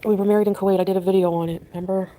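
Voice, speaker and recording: A woman from Canada livestreaming, venting quietly and talking to her chat. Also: medium pitch, little pitch movement, very fast. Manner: subdued, venting, talks to chat.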